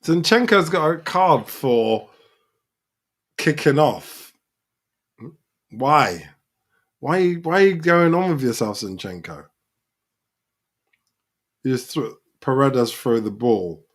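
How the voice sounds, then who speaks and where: A man's voice: mid-range voice, slow, pauses often. A man hosting a live football reaction, talking over the match and calling out the players. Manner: excitable, shouts at players on screen.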